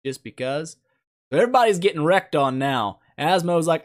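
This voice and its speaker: A man's voice: on the high side, sing-song, moderate pace. A man giving casual gameplay commentary as a mobile game YouTuber, joking and teasing the characters in a playful, mock-insulting way.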